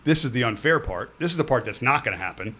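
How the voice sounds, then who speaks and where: A man's voice: mid-range voice, expressive, fast talker, sharp tone. A man co-hosting a casual sports talk show, spinning playful what-if scenarios. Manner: storytelling with hypotheticals, playful. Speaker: co-host.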